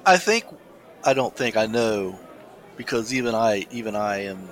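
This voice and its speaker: A man's voice: fairly low pitch, animated, fairly bright tone, slight background noise, poor audio. A man co-hosting a casual talk show, chatting with many restarts and reading a news story aloud. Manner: halting, many restarts and fillers. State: coughing, something in windpipe. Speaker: podcast co-host.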